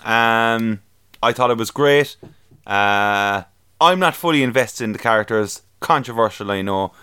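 A man's voice: lowish voice, measured pace, bright, forceful tone, smooth. A young man chatting casually about films on a podcast, laughing often and swearing freely. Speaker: podcast co-host. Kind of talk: casual chat reviewing films.

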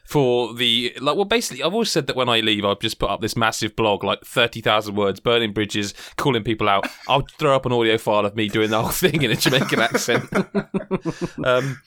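A man hosting a casual podcast, animated and laughing, often breaking off mid-sentence. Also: medium pitch, a little fast, no room sound, studio quality. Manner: animated, laughing, self-interrupting. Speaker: podcast host.

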